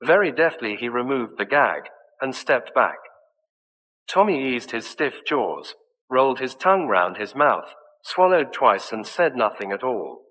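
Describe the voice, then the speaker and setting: A man reading a mystery story aloud as an audiobook narrator, in an even, measured way. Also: mid-range voice, in a large hall, poor audio.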